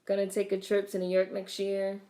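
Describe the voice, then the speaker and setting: A woman's voice: mid-range voice, completely flat delivery, fairly quick, warm tone. A young woman giving casual watch-along commentary on a film, chatting with wry asides and talking back to the screen. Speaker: vlogger reacting to a film. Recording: roomy echo.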